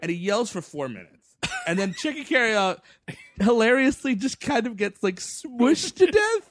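A man's voice: extremely high pitch, normal speed, dry recording, clean studio sound. A man co-hosting a podcast, recapping a film and acting out its lines with laughter. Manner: animated retelling, acts out lines, laughs often. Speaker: podcast co-host. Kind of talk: casual movie recap chat.

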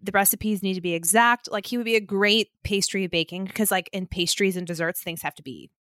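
A woman co-hosting a podcast in casual chat, telling stories in an animated way and laughing often, recording from home apart from her co-host. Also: medium pitch, brisk, no room sound, studio quality.

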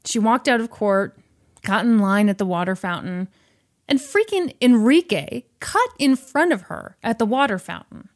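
A woman casually retelling a film's plot to a friend, acting out the characters' lines in quick asides. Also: a little high, expressive. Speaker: podcast host retelling a film plot. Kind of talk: casual storytelling chat.

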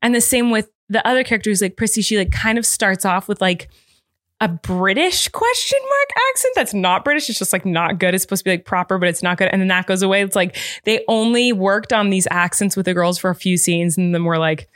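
A woman in her thirties co-hosts a casual podcast chat, gushing over old favorites with playful, exaggerated enthusiasm. Her voice sits at an ordinary middle pitch. The sound is dry and close, with no room around it. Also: steady tone, fast, few pauses, fairly bright tone, no room sound. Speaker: podcast co-host.

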